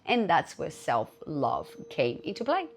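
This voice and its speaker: Low, gravelly woman hosting a candid podcast. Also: unhurried. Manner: candid and animated, swears freely. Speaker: podcast host. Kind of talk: casual solo podcast talk.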